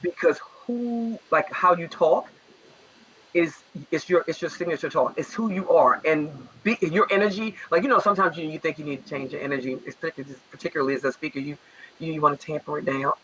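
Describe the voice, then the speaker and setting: A man's voice: fairly high pitch, brisk, slightly rough. A man with a Baltimore accent, chatting animatedly as a talk show guest. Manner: animated storyteller. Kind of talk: casual talk show chat. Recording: dull, lo-fi sound.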